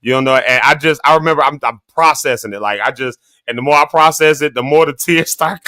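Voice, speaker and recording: A man hosting a morning talk show, telling family stories in a lively way and laughing often. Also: fairly high pitch, a little fast, no echo. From Illinois, United States. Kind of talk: casual storytelling chat.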